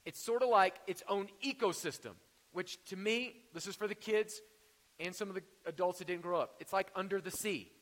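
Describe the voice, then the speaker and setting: A man's voice: high voice, normal speed, a bit bright, long reverb tail. A man preaching a sermon in a conversational way, with jokes and rhetorical questions. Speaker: pastor.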